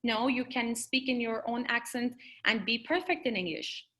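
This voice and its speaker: A woman's voice: a little high, moderate pace, a bit bright. A woman counselling English learners in a webinar, chatty and full of fillers, on a video call. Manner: conversational, many fillers and restarts. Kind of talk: webinar teaching with Q&A.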